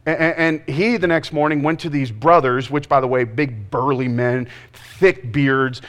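A man's voice: medium pitch, steady tone, a little slow, fairly bright tone. A man preaching a casual, joking sermon in a conversational, self-deprecating way. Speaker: pastor.

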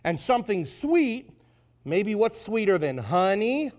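A gang of rough young men talking low and casual, half muttering, as a man puts them on. The voice stays close to his own bright tone. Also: big pitch swings, unhurried. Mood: reasoning. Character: group of rough young men, puzzled then threatening.

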